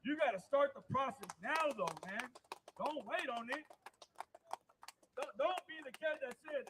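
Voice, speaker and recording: A man's voice: extremely high pitch, expressive, normal speed, noisy background. A man preaching with emphatic, repetitive delivery, calling out directly to his listeners. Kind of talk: street-style preaching on a live podcast.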